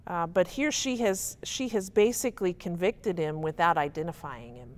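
Low-voiced woman teaching Bible study. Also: normal speed. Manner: conversational and emphatic, often checking in with listeners. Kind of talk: casual teaching talk.

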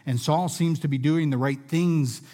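A man preaching a sermon in a room with listeners, earnest and measured, often dropping softly at the ends of phrases. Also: fairly high pitch. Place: room with a gathered audience.

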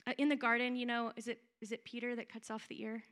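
Young female preacher, bright and a bit high, chatty and animated delivery. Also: fast talker. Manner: animated, conversational preaching with acted-out quotes. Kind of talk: sermon.

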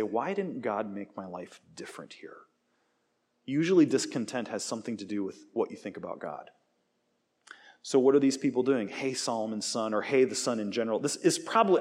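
A man in his forties delivers a sermon in an animated, storytelling way. He jokes, acts out quoted voices, and sometimes drops to a hush to voice what temptation promises. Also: mid-range voice. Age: 40s. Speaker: preacher.

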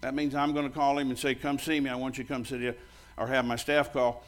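An older man preaches to his congregation in a blunt, storytelling way. His voice sits at an ordinary middle pitch, and he acts out both sides of past conversations. When he jokes with the crowd he gets loud and bold. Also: flat delivery, fast talker. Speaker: pastor. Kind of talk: sermon.

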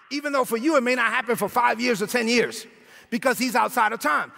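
A male pastor with a Brooklyn accent, preaching an energetic sermon full of slang, repetitions and shouted lines. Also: very high-pitched, a little fast, creaky, in a large hall. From Brooklyn, New York.

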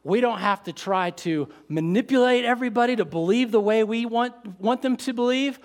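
Man, pastor, high voice, sermon, casual asides, builds to excited emphasis. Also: moderate pace.

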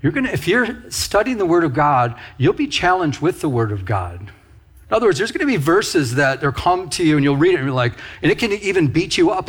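A man preaching a loose, conversational sermon in a somewhat high, husky voice. He is animated and keeps turning to the congregation with quick asides, as if talking with them rather than at them. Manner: animated, talks straight to the congregation with frequent asides. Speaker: pastor.

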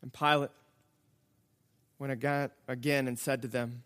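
A man preaching a sermon, reading scripture and explaining it in a slow, dramatic way that builds to emphatic outbursts. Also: mid-range voice, flat delivery, fairly bright tone. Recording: long hall reverb.

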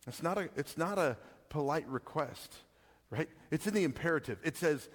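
With a long reverb trailing his words, a pastor preaches at a moderate pace in an expressive, fairly high-pitched voice. His manner is casual and conversational, and he often stops to chuckle and ask "right?"

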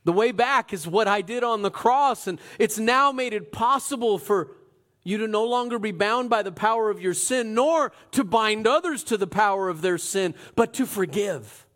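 Male pastor with a high voice, preaches in a lively, dramatic way and swings between loud and hushed. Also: normal speed. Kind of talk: sermon.

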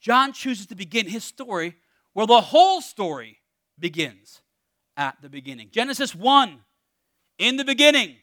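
A man preaching a sermon in a conversational, energetic way, often dropping to a hushed emphasis. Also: high-pitched, moderate pace, no echo, studio quality. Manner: energetic, conversational with emphatic drops to near-whisper. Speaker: pastor.

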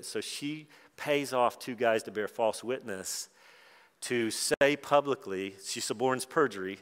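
A man's voice: fairly low pitch, fairly bright tone. A middle-aged man preaching at a conference in a conversational way, with wry asides. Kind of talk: conference sermon. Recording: long hall reverb.

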